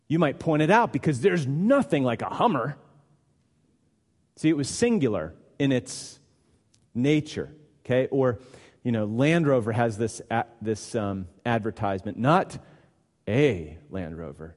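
A man's voice: medium pitch, a little mellow, in a large hall. A man preaching a sermon, conversational and teaching, repeating words for emphasis. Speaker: pastor.

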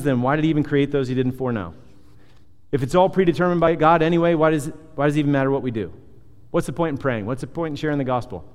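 A man preaching a sermon as pastor, animated and conversational, firing off rhetorical questions and dropping into softer asides. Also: fairly high pitch. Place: church hall. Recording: long hall reverb.

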